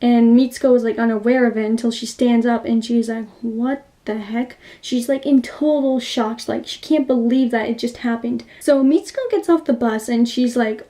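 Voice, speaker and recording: Young woman with a mellow tone, gushing as she recaps a movie plot. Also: on the high side, normal speed, hardly any pauses. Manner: gushing, filler-heavy storytelling. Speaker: movie reviewer.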